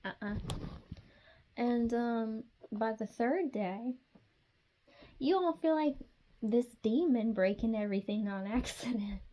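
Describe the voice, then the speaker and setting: A woman's voice: on the high side, animated, slow pace, pauses often, warm tone, low-quality recording. A woman giving a casual tarot reading straight to the viewer, chatty and sassy. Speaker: tarot reader.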